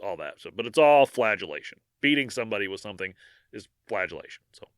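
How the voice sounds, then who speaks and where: A man's voice: on the low side, very animated, fast talker, clear, resonant tone, no echo, clean studio sound. A man co-hosting a podcast, chatting casually and then reading a narrated history segment, with fillers and restarts between. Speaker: podcast co-host.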